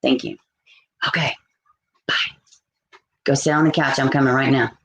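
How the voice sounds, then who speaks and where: Lady live streaming, low voice, chatty, reacts to every comment. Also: steady tone, normal speed, vocal fry, a bit bright, echoey room. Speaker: live-stream host reading chat. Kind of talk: casual live-stream chat.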